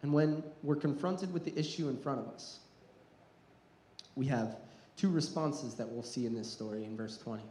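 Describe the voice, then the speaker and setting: A man's voice: mid-range voice, moderate pace, dark tone, reverberant, a little hiss or hum, poor audio. A man preaching a sermon as pastor, earnest and building in intensity, sometimes repeating words as he restarts.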